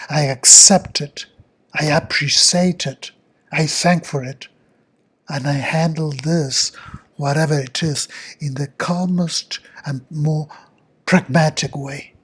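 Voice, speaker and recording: Husky older man. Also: fairly high pitch. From Argentina. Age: 60s. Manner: slow, repetitive, earnest questioning. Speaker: self-help speaker. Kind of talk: motivational guided affirmations.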